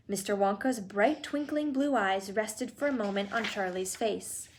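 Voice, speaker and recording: A woman narrating a children's storybook aloud in a lively, expressive manner. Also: mid-range voice, a little slow, few pauses. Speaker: audiobook reader.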